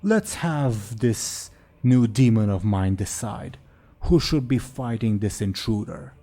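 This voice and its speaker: A man voicing a slow, commanding male fighting-pit boss in a tabletop game. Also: fairly low pitch, lively intonation, mellow, heavily acted. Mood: announcing.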